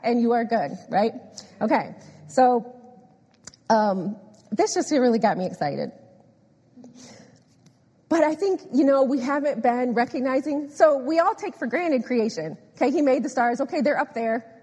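A woman preaching a sermon, animated and emphatic, repeating phrases and often laughing. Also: on the high side, a little slow, pauses often, slightly rough. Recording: echoey hall with long reverb.

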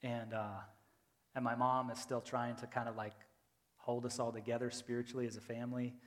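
A man preaching a sermon as a pastor, moving between hushed, intimate storytelling and loud, impassioned appeals, repeating lines for emphasis. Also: medium pitch, level tone, a little fast. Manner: repetitive, rhetorical emphasis. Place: church sanctuary. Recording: long reverb of a large church hall.

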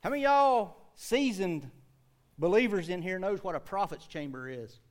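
A man in his forties with a Southern US accent, preaching a sermon and telling folksy stories with loud bursts and asides to the congregation. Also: sits high, expressive, normal speed. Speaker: pastor.

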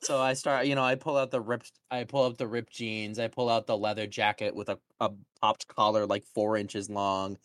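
A tabletop player casually describes what their character does, pausing and restarting now and then. The voice sits at a middle pitch and sounds dry and close. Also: level tone, fairly bright tone, no echo. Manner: casual, hesitant, describing actions. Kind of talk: tabletop game play.

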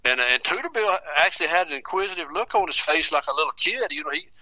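A man's voice: a little high, lively intonation, sharp tone, dry recording, rough recording. A man telling a folksy tale as a radio guest, chuckling and restarting as he goes. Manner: chuckles through his tales, halting repeats. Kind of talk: folksy storytelling.

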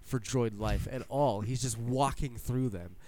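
A man in casual podcast chat, talking excitedly, swearing and acting out his own reactions. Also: mid-range voice, unhurried.

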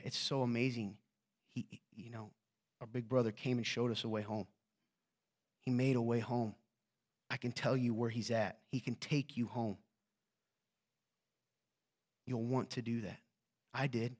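A man's voice: mid-range voice, steady tone, normal speed, darkish tone. A man preaching a conversational sermon as a pastor, joking and often asking his listeners "right?".

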